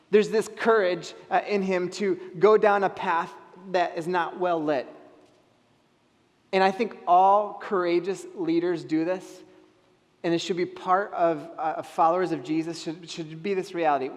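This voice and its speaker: A man preaching a sermon as pastor, animated, acting out the people in his story. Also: fairly high pitch. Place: church hall. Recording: long hall reverb.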